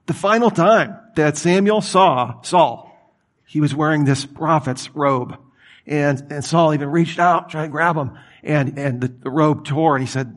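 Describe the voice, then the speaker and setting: Man preaching a sermon, conversational and animated, in a somewhat high voice. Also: moderate pace. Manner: animated, conversational, reads scripture aloud then comments.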